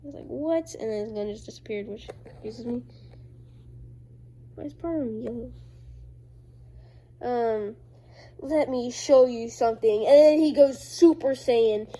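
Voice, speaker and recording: A woman's voice: fairly high pitch, a little slow, long pauses, dark tone. A woman casually showing her own comic drawings, rambling with many fillers and unsure asides. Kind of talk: casual show-and-tell narration.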